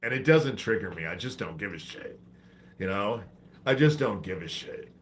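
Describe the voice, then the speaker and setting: A man's voice: lowish voice, lively intonation, moderate pace, slight background noise. A man hosting a livestream, ranting in a profane, exasperated, preachy way while he has a head cold. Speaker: livestream host.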